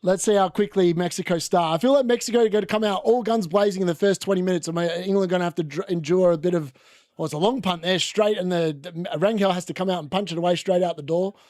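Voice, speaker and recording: A man's voice: sits high, quick pace, a little mellow, dry recording, clean studio sound. A young man hosting a casual live football watchalong from a room at home, chatting and rambling as he reacts to the match. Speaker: watchalong host.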